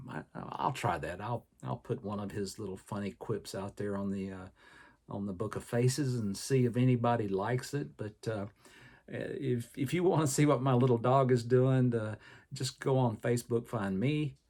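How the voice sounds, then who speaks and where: Gravelly older Southern man hosting a podcast. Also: mid-range voice, darkish tone. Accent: Southern American. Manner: rambling, folksy, frequent "uh" fillers. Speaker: podcast host and personal trainer. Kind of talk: casual podcast monologue.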